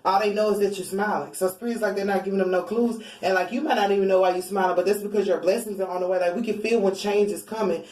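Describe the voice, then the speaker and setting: Tarot reader woman, relaxed chatty delivery, a little off-mic in an echoey room. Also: medium pitch, fast talker, hardly any pauses. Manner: chatty, informal, laughs often. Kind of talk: casual spiritual reading. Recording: roomy, a bit far from mic.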